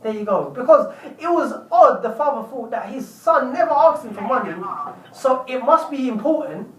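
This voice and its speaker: A chatty man with a high-pitched voice tells a story to his viewers, often repeating himself. His voice sounds roomy, as if he sits a bit back from the mic. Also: animated, normal speed, a bit bright, recorded from a distance. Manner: chatty, repeats words while telling. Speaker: vlogger telling a story. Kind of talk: casual storytelling vlog.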